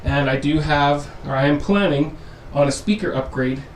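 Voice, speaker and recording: A man's voice: on the high side, moderate pace, a little hiss or hum. A man hosting a casual home theater vlog, chatting to viewers as "guys" and teasing what comes next, recorded on a camera mic in his home theater room. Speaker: home theater channel host.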